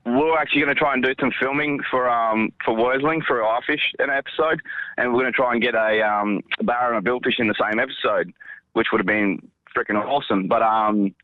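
A man's voice: mid-range voice, brisk, dry recording. A man with an Australian accent, a fishing tackle shop guest, talking in a plain easygoing way over the phone. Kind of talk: phone interview. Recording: tinny phone line.

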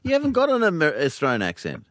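A man's voice: a little high, huge pitch swings, fast talker, fairly bright tone, no echo, clean studio sound. A man hosting a casual comic chat, asking playful, teasing questions. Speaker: host.

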